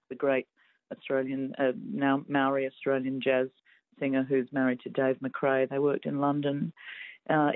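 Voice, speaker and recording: A woman's voice: low voice, no echo. A woman calling a radio show, talking enthusiastically and rambling from one point to the next. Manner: enthusiastic, rambling name-dropping. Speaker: radio caller. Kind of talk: chatty phone call. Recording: tinny phone line.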